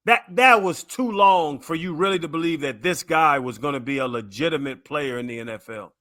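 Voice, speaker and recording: In a radio studio, a man co-hosts a sports show, speaking into a studio microphone with a fairly high, fairly bright voice; the recording is studio quality with no echo. Opinionated, he argues his points in a casual debate and rattles off names in quick runs.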